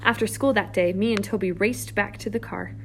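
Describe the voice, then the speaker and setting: A woman reading a first-person children's novel aloud, lively and character-driven, with whispered asides. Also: medium pitch, a little fast, slight background noise. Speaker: audiobook narrator. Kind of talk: first-person storybook narration.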